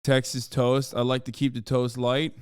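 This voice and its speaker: A man's voice: medium pitch, completely flat delivery, normal speed, darkish tone, clean tone, dry recording, studio quality. A man in his thirties hosting a live stream, chatting casually, joking and reading chat aloud. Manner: jokey, hyped, reads chat aloud. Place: home studio in Los Angeles.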